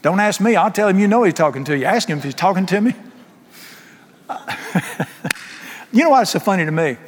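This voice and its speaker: Expressive and fairly quick, a middle-aged preacher with a voice a little high for a man delivers an emphatic, folksy sermon. Humorous asides break in, and long reverb fills the space like a large church hall.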